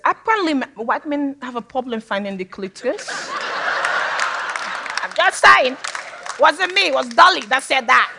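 Woman from sierra leone giving a talk, kinda high voice, frank and funny, laughs a lot. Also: animated, moderate pace, creaky, pauses often, noisy background. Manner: candid and humorous, with frequent laughter. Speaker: public speaker. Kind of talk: personal talk to an audience.

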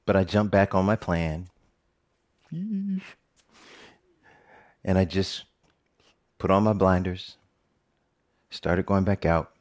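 A man's voice: low-pitched, slow, long pauses. A middle-aged man, a TV presenter, giving a personal storytelling talk with jokes and frequent laughter. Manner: animated, jokey storyteller who laughs often.

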